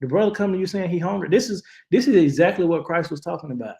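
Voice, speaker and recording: A man hosts a casual commentary stream. His voice sits a little high, and he talks in an impassioned, preaching way, often stumbling and restarting mid-sentence. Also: fast talker, vocal fry, dark tone, roomy sound. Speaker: channel host reacting to news.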